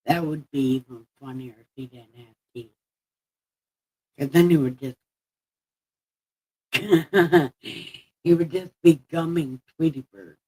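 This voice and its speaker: Slow, husky toothless woman streamer. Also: low-pitched, dark tone, low-quality recording. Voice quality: slurred, lisping speech from missing teeth. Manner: rambling, laughing at herself, swears freely. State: sore mouth after having teeth pulled. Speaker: live streamer. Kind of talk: casual live-stream chat.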